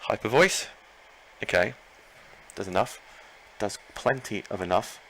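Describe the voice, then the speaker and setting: An excitable man narrates his own Pokémon battle live, talking to himself and his opponent and repeating phrases. His gravelly, fairly low voice is unhurried, and the recording is rough.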